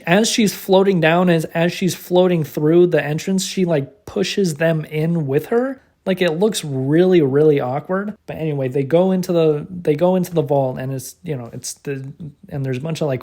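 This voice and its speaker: A man retells a film's plot in a loose, rambling way, swearing constantly and stumbling over restarts. His voice sits a bit high but sounds soft and mellow. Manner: profane, rambling, many restarts and fillers; laughs while retelling. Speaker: movie reviewer. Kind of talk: casual rambling movie recap.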